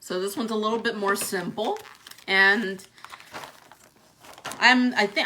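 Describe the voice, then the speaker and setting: A woman's voice: medium pitch, steady tone, a little slow, long pauses, pushed and bright, slight background noise. A young woman chatting casually through an unboxing video, laughing often between her remarks. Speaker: vlogger reviewing a product.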